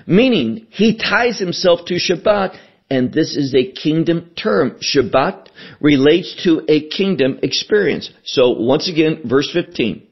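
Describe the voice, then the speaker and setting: A man preaching a sermon, deliberate and emphatic, repeating key phrases for weight. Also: a little high, breathy edge, dull audio. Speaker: pastor.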